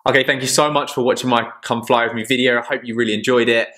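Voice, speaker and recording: A man's voice: medium pitch, fairly even intonation, quick pace, a bit bright. A young man casually introducing his impressions video, chatty and a bit hesitant. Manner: chatty, a little hesitant with fillers. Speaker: impressionist YouTuber.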